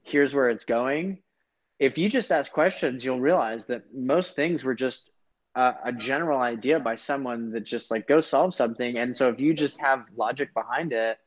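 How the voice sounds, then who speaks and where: A man's voice: mid-range voice, normal speed. A man talking as a guest in a casual conversation, thinking aloud with frequent restarts. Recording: dull lo-fi sound.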